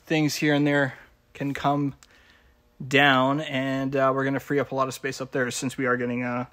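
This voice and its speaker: A man's voice: mid-range voice, monotone, moderate pace, a bit bright. A man from Canada running a shop, talking casually through a warehouse vlog, rambling with many fillers and little chuckles. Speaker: shop owner and vlogger. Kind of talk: casual behind-the-scenes vlog. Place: indoor warehouse.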